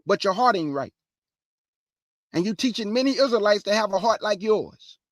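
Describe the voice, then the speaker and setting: A woman hosting an informal Bible teaching, reading verses slowly and firmly and breaking in with pointed rhetorical questions in a casual, plain-spoken way. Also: mid-range voice, lively intonation, no echo, clean studio sound. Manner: casual, plain-spoken, addresses listeners as "y'all".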